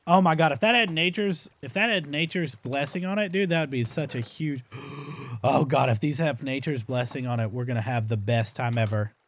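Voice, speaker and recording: A young man giving casual gameplay commentary as a streamer, chatty, with exaggerated complaints and excited outbursts. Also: mid-range voice, normal speed. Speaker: gaming streamer.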